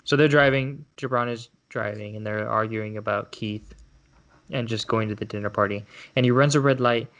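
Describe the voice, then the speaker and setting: A young man co-hosting a podcast, retelling a movie in casual chat with halting restarts and laughs. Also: lowish voice, fairly even intonation, fairly bright tone. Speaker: podcast co-host.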